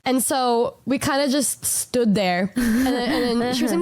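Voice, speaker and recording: A woman with a high voice telling a story casually on stream. She rambles, repeats herself and stammers as she goes. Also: a little fast, few pauses.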